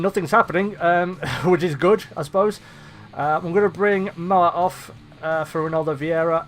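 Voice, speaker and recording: A high-voiced young man talks through his game in a casual, chatty way. He gets excitable at the big moments, swears at the misses and laughs at his own slips. Faint music runs quietly behind him. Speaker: gaming commentator. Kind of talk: let's play commentary.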